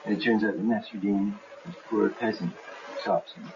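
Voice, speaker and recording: A man's voice: lowish voice, flat delivery, normal speed, creaky. A man animatedly explaining his film in an interview, acting out scenes as he goes. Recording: muffled, slightly hissy archive tape.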